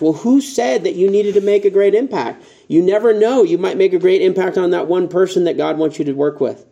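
A man pastor preaching a conversational sermon, voicing quotes with animated emphasis. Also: sits high, brisk, gravelly, hardly any pauses, lo-fi sound. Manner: conversational, rising emphatic tones when quoting.

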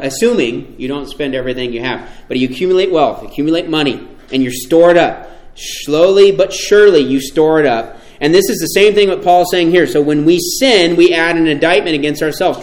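A man preaching a sermon, emphatic and animated, often asking his listeners rhetorical questions. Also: fairly high pitch, a little fast, reverberant.

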